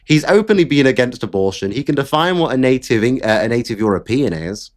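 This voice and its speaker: A man's voice: medium pitch, animated, a little fast. A man hosting political commentary, talking bluntly and with frequent swearing in an exasperated rant. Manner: blunt, profane, exasperated ranting.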